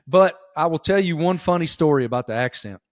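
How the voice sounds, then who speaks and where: Here a sports reporter from Giles County, Virginia, chats casually as an interview guest, his rural Southern Appalachian accent coming through. He speaks fast with a fairly high pitch and lively intonation, emphatic and folksy, addressing the host as "dude" and "bro." The audio is studio quality with no echo.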